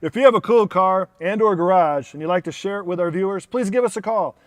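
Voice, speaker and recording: A man's voice: sits high, quick pace. A man hosting a car show, laughing at his own flubbed lines and joking through the takes. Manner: jokey, laughing at own flubs. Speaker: host. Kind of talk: casual show hosting with bloopers.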